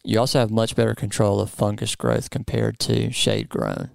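A man hosts a casual chat in a studio, relaxed and playful, filling gaps with ums and you-knows. His voice is gravelly yet smooth. The sound is close and dry. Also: lowish voice, normal speed, no room sound. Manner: relaxed, playful, lots of fillers. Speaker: podcast host.

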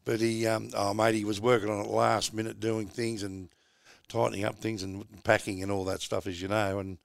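A man's voice: on the low side, flat delivery, fairly quick, gravelly, no room sound. A middle-aged Australian man hosting a podcast, chatting in a laid-back, rambling way and calling his co-host mate. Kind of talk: casual chat.

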